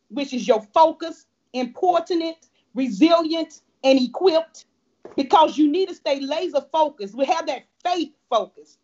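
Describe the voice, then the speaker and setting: High-voiced New Orleans woman on a call. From New Orleans, Louisiana. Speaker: guest speaker. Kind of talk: keynote pitch on a video call. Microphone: video call. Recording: dull lo-fi video call audio.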